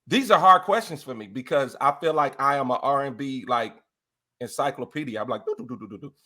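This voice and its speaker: A young man chatting casually as a podcast guest, animated, often laughing and breaking into bits of song. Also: mid-range voice, brisk. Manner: animated, exclaims and sings snippets, laughs often.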